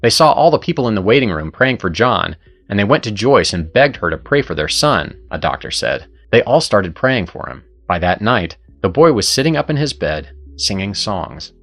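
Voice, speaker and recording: A man's voice: on the low side, sing-song, moderate pace, a bit bright, soft background music. A man hosting and narrating a scripted story in an earnest, persuasive way. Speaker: host and narrator.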